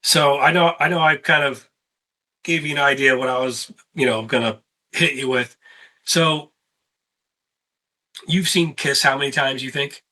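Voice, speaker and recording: A man hosting a casual sit-down conversation and telling lively tour stories. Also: mid-range voice, unhurried, pauses often, rough recording. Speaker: host; touring musician.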